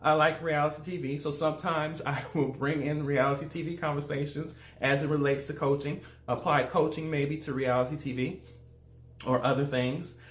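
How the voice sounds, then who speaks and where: Southern-accented male life coach, higher voice, upbeat and chatty, roomy echo. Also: flat delivery, normal speed, fairly bright tone. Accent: Southern US, Louisiana. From Louisiana, USA. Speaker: life coach, channel host. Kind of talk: casual motivational talk to camera.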